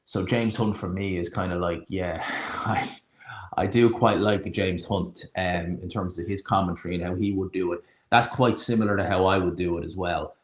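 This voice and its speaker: A man's voice: low voice, steady tone, moderate pace. A man streaming a live watch-along, chatting casually and sarcastically, rambling and stopping to search for names. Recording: roomy echo.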